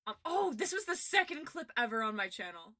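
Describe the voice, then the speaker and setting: Her voice runs high, sing-song and sharp, and she talks briskly. A young woman streaming casual chat, she rambles, giggles often, and keeps cutting herself off to start over.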